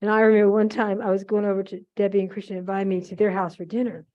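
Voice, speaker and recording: An older woman talks fast in a mid-range voice with little pitch movement, spinning rambling, chatty stories and asides during a holiday decorating demonstration. It was recorded in a museum event room, and the archive audio sounds muffled.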